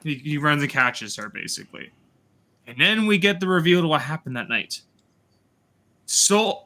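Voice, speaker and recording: A man hosting a casual review chat, retelling scenes in an animated, sarcastic way with swearing. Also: on the high side. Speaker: host reviewing a TV series.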